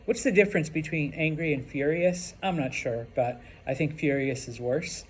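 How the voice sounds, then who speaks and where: A man's voice: fairly high pitch, moderate pace, slight background noise. A male Spanish teacher giving a classroom lesson, explaining patiently and checking in with "okay?" and "all right?".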